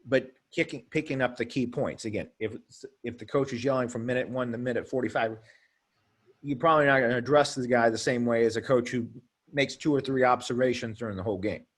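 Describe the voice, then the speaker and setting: A man's voice: medium pitch, a little fast. A man, president of an officials association, talking in a rambling, casual way with many repeated words and restarts. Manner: rambling, repeats words, acts out coaches' retorts. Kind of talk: casual discussion.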